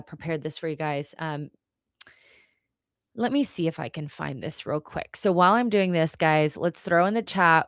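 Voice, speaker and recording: A woman with a slightly low voice teaches on a live stream, keeping it conversational and often checking in with her viewers. The sound is dry and close, with no room echo. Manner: conversational, frequently checks in with "right?" and "okay?". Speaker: podcast host and mindset coach.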